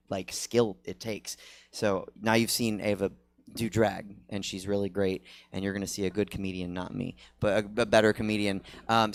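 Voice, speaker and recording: Casting: low-voiced male host, relaxed and self-effacing. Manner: casual, hesitant, humble. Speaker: show host. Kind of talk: hosting a comedy show. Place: comedy theater stage.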